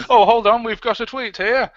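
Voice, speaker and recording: Bright-voiced man, jokey co-host. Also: high-pitched, dry recording. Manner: jokey, reads out comments and tweets. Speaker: livestream co-host. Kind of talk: casual livestream chat. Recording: dull, lo-fi dry sound.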